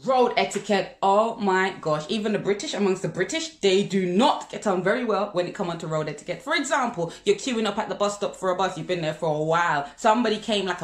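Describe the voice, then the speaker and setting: A Jamaican woman vlogging casual, direct advice to viewers, calling them guys. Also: medium pitch. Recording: echoey room.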